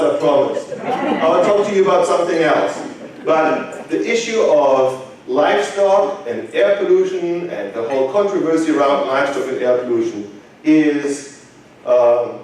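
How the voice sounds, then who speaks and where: A man with a German accent lectures a conference crowd, tossing questions to the audience and slipping in dry jokes. His voice sits a touch high and rings through a big, very echoey hall, heard from a little way off the mic. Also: darkish tone, recorded from a distance, slight background noise. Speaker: conference speaker.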